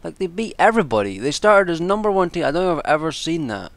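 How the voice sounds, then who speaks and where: A man's voice: fairly high pitch, big pitch swings, quick pace, dry recording. A man giving casual, rambling predictions and reviews, exasperated and swearing freely as he talks. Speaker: wrestling commentator and vlogger.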